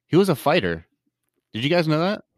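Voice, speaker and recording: A man chatting casually on a podcast, joking and telling stories in an animated way. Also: fairly high pitch, a little fast, no echo, clean studio sound. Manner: lively, joking, animated storyteller. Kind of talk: casual chat.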